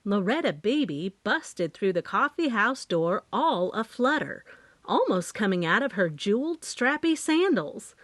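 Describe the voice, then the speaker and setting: A woman reading a first-person audiobook, measured and expressive. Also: medium pitch, no echo. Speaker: audiobook narrator. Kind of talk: scripted first-person narration.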